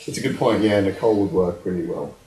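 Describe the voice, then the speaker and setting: This is a man in his twenties with a low-pitched, darkish voice, hosting a casual podcast chat from a room at home. He jokes and laughs often, and the recording has an echoey room sound.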